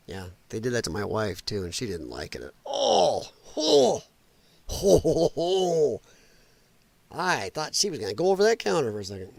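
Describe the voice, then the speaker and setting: A man's voice: high-pitched, big pitch swings, moderate pace, creaky, no echo. A middle-aged man hosting a podcast, reacting to clips with mocking comments, exclamations and frequent laughs. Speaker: host.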